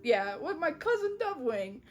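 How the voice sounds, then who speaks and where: A woman's voice: high-pitched, very animated, normal speed, muffled recording, faint music behind. A young adult woman chatting casually, giggly and slangy as she retells a story. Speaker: podcast co-host. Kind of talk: casual chat.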